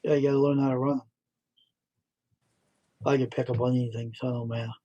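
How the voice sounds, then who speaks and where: A man's voice: mid-range voice, little pitch movement, fast, mellow, lo-fi sound. A middle-aged man hosting a livestream, telling rambling stories and repeating himself. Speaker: livestream host. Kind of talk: casual storytelling.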